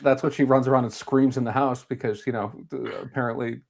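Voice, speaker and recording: A man's voice: mid-range voice, fairly even intonation, vocal fry, a little mellow, slight background noise. A man in his thirties from New England, co-hosting a casual podcast chat in a playful, teasing way. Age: 30s. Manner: playful, teasing, quick to laugh. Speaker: guest co-host.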